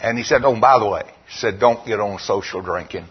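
A man preaching a sermon, telling stories and reading scripture slowly in a lowered voice. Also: slightly rough. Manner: storytelling, quoting scripture in a slow, lowered voice. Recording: dull lo-fi recording.

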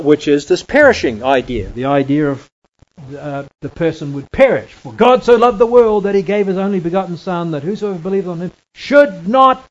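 Slow, deliberate male Bible teacher. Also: on the high side, muffled recording. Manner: deliberate, repeats key phrases, checks in with "right?". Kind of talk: Bible teaching talk with slides.

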